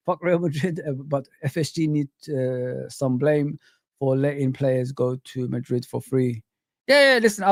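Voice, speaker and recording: A man hosting a casual livestream, chatting lively and reading out and greeting his chat. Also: on the high side, dry recording, studio quality. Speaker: livestream host.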